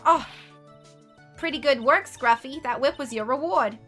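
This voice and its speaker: A woman's voice: high voice, unhurried, a bit bright, soft background music, pitched above the performer's own voice. A woman voicing a proud, haughty young female prosecutor with an imperious, clipped delivery, as a dramatic game reading.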